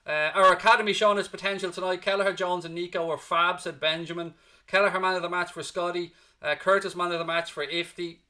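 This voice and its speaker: Bright-voiced worn-out male fan host. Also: high-pitched, fairly even intonation, fast. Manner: emotional, blunt, rambles on tangents. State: exhausted. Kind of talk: live post-match stream reading chat comments.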